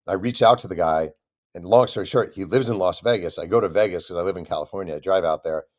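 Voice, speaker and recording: A man, an author guest on an interview show, telling a long story with lively acted-out quotes. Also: deep voice, fast talker. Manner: animated storyteller, acts out quoted voices.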